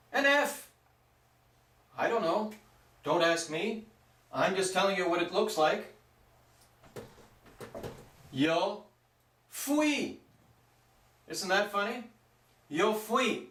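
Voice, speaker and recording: Male teacher, high voice, slow and deliberate, recorded from a distance in a roomy space. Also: fairly bright tone. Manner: plain, repeats and stresses forms slowly. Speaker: Spanish teacher. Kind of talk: classroom grammar lesson. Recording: echoey room, mic at a distance.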